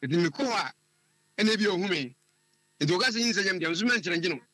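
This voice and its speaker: Husky-voiced man telling his story. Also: sits high, expressive, pushed and bright. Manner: halting, repeats words while searching for them. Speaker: caller. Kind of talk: telling a personal story on a call-in show.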